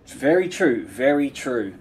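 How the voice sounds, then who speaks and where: A man's voice: mid-range voice, sing-song, unhurried, a little mellow, a little hiss or hum. A man streaming a co-op game, chatting casually, rambling with restarts and giggles. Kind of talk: casual gameplay chat.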